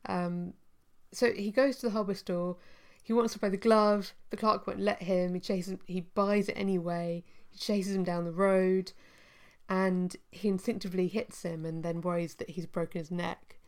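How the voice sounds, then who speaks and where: A woman co-hosting a podcast, chatting casually and thoughtfully about a TV series, often pausing with ums. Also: fairly low pitch, steady tone, darkish tone. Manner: thoughtful, hesitant with frequent ums. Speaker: podcast co-host.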